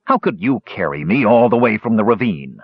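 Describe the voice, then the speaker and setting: A man's voice: fairly low pitch, animated, a little fast, breathy edge, dry recording. A man voicing a short-tempered, scheming brute of a swordsman who snaps at people, in a slightly muffled recording. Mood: angry. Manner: snapping, then fake sweetness.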